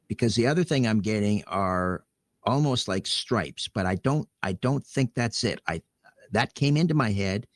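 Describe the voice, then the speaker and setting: A man hosting a call-in radio show, talking in a measured way with frequent ums. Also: fairly low pitch, no room sound, clean studio sound. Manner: measured, hesitant with ums, drawn-out words. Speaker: radio host. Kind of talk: late-night call-in radio.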